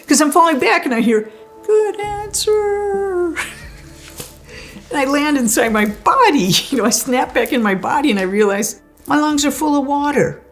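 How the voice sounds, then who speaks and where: A woman's voice: high-pitched, animated, fairly quick, hardly any pauses, soft background music. A woman telling her own story in a conversational way, often laughing as she speaks. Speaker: guest sharing a near-death experience. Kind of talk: personal storytelling.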